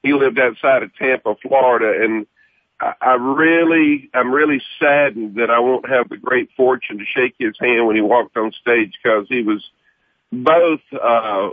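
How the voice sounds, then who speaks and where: A man speaks over a phone line as a radio guest, his voice husky and a little rough. The sound is tinny and dry, squeezed into a narrow band. He explains things in an earnest, step-by-step way. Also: mid-range voice, moderate pace, dry recording. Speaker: radio guest, hall of fame representative. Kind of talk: casual radio interview by phone.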